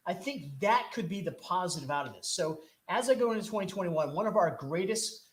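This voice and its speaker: A man hosting a talk show, delivering a rambling, impassioned political monologue full of rhetorical questions from a studio. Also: fairly high pitch. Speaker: host.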